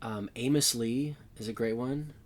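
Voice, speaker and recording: A man answering interview questions in a trailer on a TV set, easygoing and relaxed, with hesitant fillers. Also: mid-range voice, measured pace, crowd noise. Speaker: interview guest.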